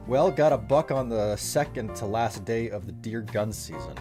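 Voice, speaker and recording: A man's voice: mid-range voice, a little fast, few pauses, mellow, soft background music. A man streaming a game, chatting casually with his viewers and trailing off with fillers. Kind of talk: casual chat while playing a game.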